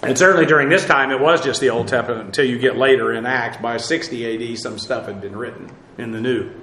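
A man's voice: medium pitch, quick pace, bright, forceful tone, echoey room, slight background noise, poor audio. A man teaching an informal Bible class in a conversational way, with many fillers and dry asides.

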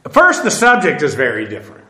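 Male Bible teacher, high-pitched and conversational, emphatic asides, echoey room. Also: huge pitch swings, fast, sharp tone. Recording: roomy echo.

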